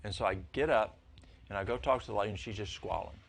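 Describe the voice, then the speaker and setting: An older man telling folksy stories to a church congregation, his voice jumping high when excited. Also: fast, vocal fry. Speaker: lay speaker at church. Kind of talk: storytelling talk to a congregation.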